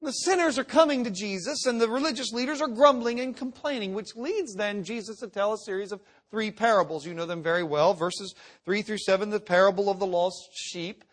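A middle-aged man preaching a sermon, swinging from loud emphatic reading to hushed, intense asides. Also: high voice, a little fast, few pauses. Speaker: pastor.

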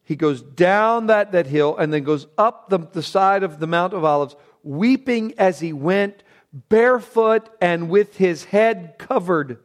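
A man preaching a Bible sermon, dropping to a hushed, reverent tone and then rising into emphatic, repeated phrases. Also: high-pitched, animated, a little slow. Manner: swings between hushed reverent passages and raised emphatic bursts; repeats words when building a point. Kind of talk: expository sermon.

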